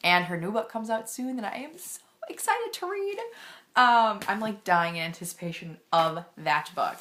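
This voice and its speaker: A woman's voice: medium pitch, sharp tone. A young woman book vlogger chatting casually and gushing with enthusiasm about her favorite characters, with lots of fillers. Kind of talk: casual chat.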